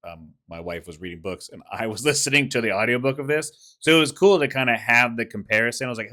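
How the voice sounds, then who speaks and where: Bright-voiced man chatting about films. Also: mid-range voice, lively intonation. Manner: agreeable, chimes in with quick yeahs and summaries. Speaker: film review co-host. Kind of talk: casual film recap chat.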